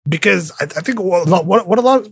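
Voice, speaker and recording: A man hosting a casual podcast chat, talking in halting bursts full of filler words. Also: sits high, lively intonation, gravelly, breathy edge, no room sound. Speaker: podcast host.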